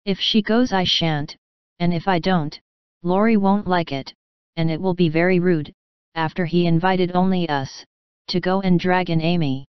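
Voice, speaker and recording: An impatient, hot-tempered teenage girl who snaps crossly at her sisters, as a woman reads her. The voice is lowish and very clear, recorded dry and close. The sound is slightly dull. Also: moderate pace, no echo, lightly acted.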